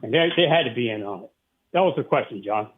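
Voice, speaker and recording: A fast-talking, animated man with a mid-range voice calls into a talk radio show from Saratoga Springs, in upstate New York. He's out of breath and rambling, piling on fillers as he gets worked up. The tinny phone line colors his voice.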